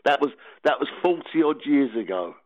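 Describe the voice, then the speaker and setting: A British man in his eighties, a guest on a phone interview, gruff, evasive and teasing. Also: medium pitch, animated, moderate pace, a little mellow, no room sound. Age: 80s. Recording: tinny phone line.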